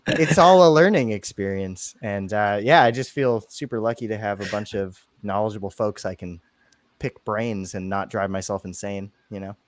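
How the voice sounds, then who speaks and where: This podcast co-host has a lowish voice and talks at a moderate pace in a dry recording with no room sound. He chats casually, laughing often between his rambling asides.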